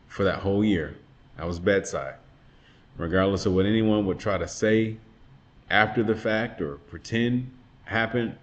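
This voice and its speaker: A man's voice: sits low, lo-fi sound. A man in his thirties, a father earnestly telling a personal testimony about a hard time in his life. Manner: earnest, reflective, emotional retelling.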